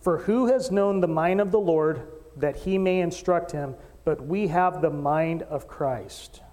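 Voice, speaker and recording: A man preaching a sermon as pastor, animated storyteller who acts out voices and jokes with the congregation. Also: fairly high pitch, measured pace, long reverb tail. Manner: animated storytelling, acting out quoted voices, joking with the crowd. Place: church stage in a hall.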